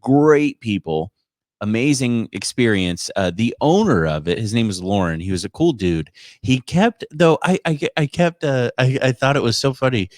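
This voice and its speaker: Male podcast host, casual storyteller, animated delivery, dry studio sound. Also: medium pitch, moderate pace, no echo. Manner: animated, quotes others in put-on voices.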